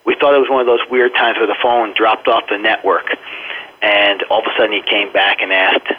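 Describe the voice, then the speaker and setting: A man's voice: fairly low pitch, level tone, fairly quick. A man giving an earnest first-hand account as a guest in a radio interview, often restarting his phrases. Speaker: interview guest recounting events. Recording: tinny phone line.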